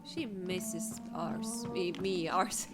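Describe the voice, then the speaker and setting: A woman's voice: on the low side, extremely slow. A woman playing a video game, chatting casually and reading in-game letters aloud with self-mocking asides. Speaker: let's play streamer. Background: game music.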